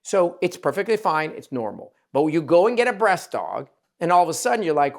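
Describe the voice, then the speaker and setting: A man's voice: on the high side, very animated, fairly quick, gravelly, few pauses. Candid swearing male surgeon host. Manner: candid storyteller, swears, acts out quoted voices. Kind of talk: casual conversation.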